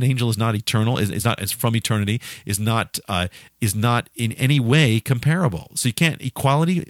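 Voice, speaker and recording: A man's voice: mid-range voice, dry recording. Emphatic man preaching, dry close sound. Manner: emphatic, repetitive, often restarting phrases and asking the listener questions. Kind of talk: sermon.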